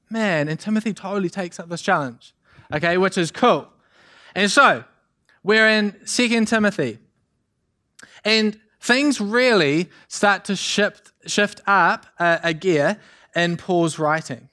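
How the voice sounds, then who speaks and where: A young man preaching a sermon as youth pastor, energetic and chatty with many asides and fillers. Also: high voice, unhurried. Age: young adult.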